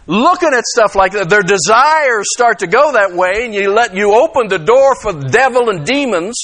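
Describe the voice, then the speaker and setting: A man in his sixties preaches in a loose, animated style, acting out quoted lines and asking his listeners if they are with him. His voice sits high and bright, swinging widely in pitch. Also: moderate pace. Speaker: pastor. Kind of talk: conversational sermon.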